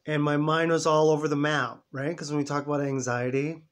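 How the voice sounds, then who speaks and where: A man's voice: fairly high pitch, flat delivery, a little fast. A man in his fifties telling an emotional personal story in a rambling, heartfelt vlog. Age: 50s. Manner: emotional, rambling, talks to himself in quoted voices. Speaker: vlogger.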